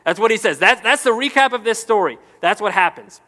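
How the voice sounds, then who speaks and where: Bright-voiced pastor in a big hall. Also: male voice, sits high, fairly quick. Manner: lively storytelling with playful asides. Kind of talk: sermon. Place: church auditorium. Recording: echoey hall with long reverb.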